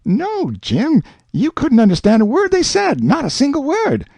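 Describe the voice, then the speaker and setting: A man voicing a clever young boy in an audiobook, his voice pitched high above a grown man's. He argues eagerly and patiently, and his sounds clear in a dry, close recording. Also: wildly swooping pitch, a little slow, darkish tone, no echo, heavily acted. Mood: persuading. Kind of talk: audiobook character reading.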